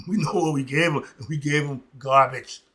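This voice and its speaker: A man giving an unscripted opinion monologue to his viewers, fiery and emphatic, swinging from loud outbursts to muttered asides and chuckling between points. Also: a little high, normal speed. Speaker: commentary vlogger.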